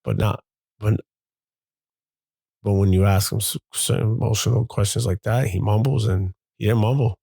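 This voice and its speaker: A man's voice: on the low side, fairly even intonation, moderate pace, gravelly, long pauses, mellow, breathy edge, dry recording. A man, a father hosting his own show, speaking in a candid, confessional monologue that halts and repeats as he gathers his thoughts.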